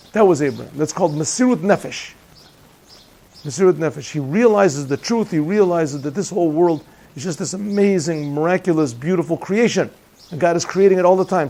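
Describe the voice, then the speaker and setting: In a yeshiva classroom, a rabbi gives a Chassidic lecture in a fairly high, warm voice. He keeps it conversational, cracks jokes, and often puts questions to his listeners.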